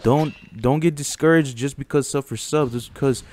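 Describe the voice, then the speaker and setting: A man's voice: medium pitch, normal speed, a little mellow. A young man in a blunt, profane casual rant to his viewers about online channels, getting heated as he talks. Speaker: YouTuber.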